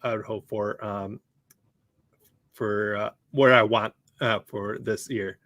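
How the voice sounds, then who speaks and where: Slow, hesitant man in a dry room. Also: lowish voice, steady tone, fairly bright tone, dry recording. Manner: hesitant, many ums and uhs. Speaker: podcast co-host. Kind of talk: casual chat.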